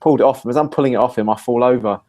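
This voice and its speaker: A man, hosting a talk show and telling a lively personal story in casual conversation. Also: racing. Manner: animated storyteller, rising pitch when acting out his own quoted lines. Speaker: podcast host.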